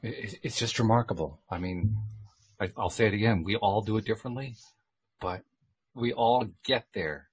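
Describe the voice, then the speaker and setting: A man's voice: fairly low pitch, normal speed, breathy edge. A man in reflective casual conversation, talking thoughtfully with frequent restarts.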